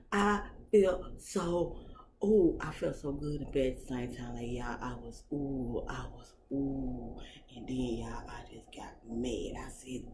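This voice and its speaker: A woman vlogger telling a story in casual chat, animated, profane and dramatic as she talks to her viewers. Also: sits low, a little hiss or hum.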